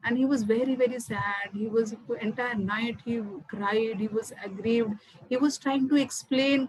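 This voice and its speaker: A woman telling a story to an online class over a video call, animated and often repeating words. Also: a little high, unhurried, rough recording.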